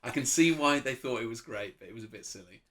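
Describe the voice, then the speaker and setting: A man's voice: mid-range voice, animated, quick pace, sharp tone. A man co-hosting a casual film review chat, thoughtful and wry, laughing at his own jokes.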